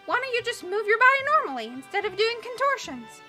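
A woman doing a high eager bookish boy. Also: big pitch swings, fairly quick, sharp tone, faint music behind, heavily acted. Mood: curious. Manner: eager, inquisitive questions. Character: boy, young bookish and curious.

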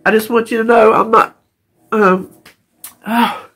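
A woman's voice: on the high side, steady tone, a little slow, fairly bright tone, husky. A middle-aged woman from North Carolina, talking tearfully and rambling in a heartfelt casual vlog, stumbling over words and laughing often. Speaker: vlogger.

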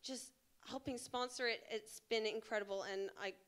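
A young woman organizer giving a gushing, excitable thank-you speech on a theater stage with a handheld mic. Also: fairly high pitch, normal speed, smooth. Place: theater stage before an audience. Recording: live theater with audience sounds. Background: audience.

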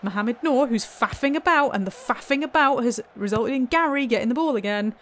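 A woman's voice: on the high side, animated, fairly quick, fairly bright tone. A woman commentating on her own gameplay in a wry, chatty way, full of exasperated asides. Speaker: let's play host.

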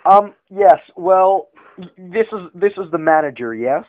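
A man putting on a slow, halting caller over a tinny phone. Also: sits high, expressive, dry recording. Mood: touchy. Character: man posing as a slow-speaking, touchy customer. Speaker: prank caller. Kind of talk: prank phone call. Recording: tinny dry phone line.

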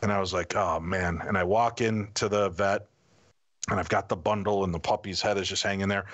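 A middle-aged man, a podcast guest, telling a personal story in a lively way and acting out what people said. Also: low voice, a little fast. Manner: animated anecdotal storytelling, acting out quotes. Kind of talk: casual storytelling.

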